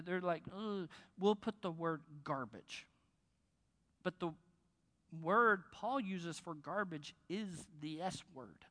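A man's voice: fairly high pitch, a bit bright. A man preaching a sermon, talking conversationally, joking, and stressing key words. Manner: conversational, joking, with bursts of emphasis. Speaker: pastor. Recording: long reverb of a large hall.

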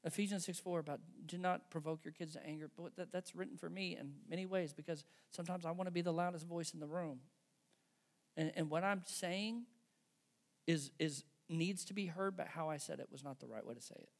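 A middle-aged man delivering a sermon, earnest and exhorting as he addresses parents directly. His voice sits high for a man and carries a strong gravelly fry throughout. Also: brisk. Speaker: pastor.

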